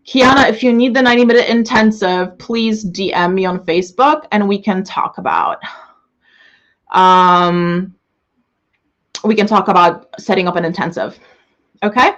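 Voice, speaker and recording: Young woman, online coach, gushing, excitable, swearing, live webinar, slightly muffled audio. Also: medium pitch, moderate pace, long pauses.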